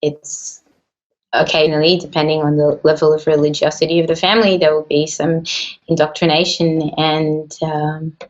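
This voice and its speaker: A woman's voice: low voice, flat delivery, normal speed, lo-fi sound. A woman musician, speaking thoughtfully in a casual interview. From Australia. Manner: soft-spoken, thoughtful, with frequent fillers. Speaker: musician guest.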